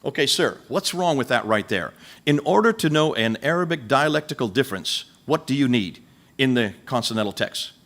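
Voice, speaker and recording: Male lecturer, animated and emphatic, hits listeners with rhetorical questions. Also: medium pitch, normal speed. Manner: speaks directly to listeners in the room. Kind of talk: lecture to a live audience.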